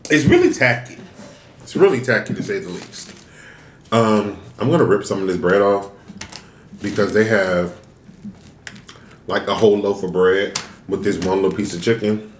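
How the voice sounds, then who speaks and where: A man's voice: deep voice, fairly even intonation, moderate pace, pauses often, roomy sound, slight background noise. A man chatting casually to viewers while eating, venting and asking rhetorical questions. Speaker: mukbang vlogger. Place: room, eating on camera.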